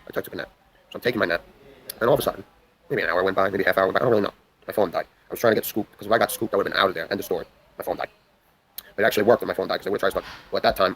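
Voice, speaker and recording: A man's voice: low voice, a little hiss or hum, low-quality recording. A young man from the New York area tells a long story on a livestream. He talks in a rambling, intense way and swears a lot. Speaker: livestream host.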